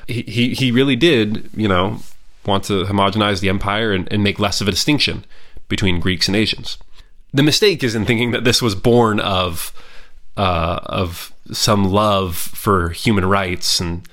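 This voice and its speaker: A man's voice: on the low side, moderate pace, a bit bright. A man hosting a history podcast, talking casually and with strong opinions, often restarting and hedging his sentences. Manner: conversational, opinionated, frequent restarts and hedges.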